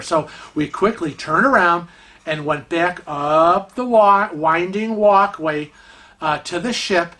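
A middle-aged man hosts a vlog and tells a story with lively, animated energy. His voice sits high and sounds bright and forceful, and he slips into the voices of the people he quotes. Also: a little slow. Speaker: vlog host. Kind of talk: casual storytelling.

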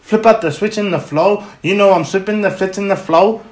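Casting: excitable podcast host, slightly high male voice, roomy echo, music behind. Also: fairly quick. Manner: excitable, swears freely, hypes tracks. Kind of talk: casual music reaction chat. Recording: echoey room, music playing.

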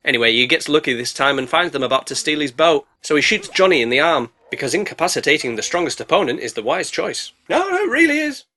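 A man's voice: fast, few pauses, bright, forceful tone. A British man narrating a sarcastic, jokey movie recap as a reviewer. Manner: cheeky, sarcastic, bursts into squeaky put-on voices.

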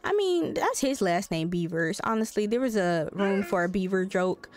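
A woman's voice: medium pitch, moderate pace, a crowd in the background. A woman streaming a life-sim game, giving casual, joking commentary full of swearing. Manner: animated, profane, joking.

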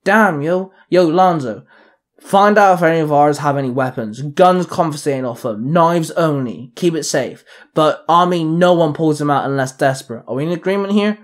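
A man voicing a young male gang leader who barks orders and yells. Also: on the high side, moderate pace, natural voice. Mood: commanding. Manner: barking orders, yelling.

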